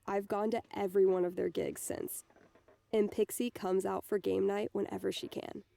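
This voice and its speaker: A woman reading a first-person novel aloud in a steady storytelling manner. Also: medium pitch, moderate pace, vocal fry. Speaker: audiobook narrator.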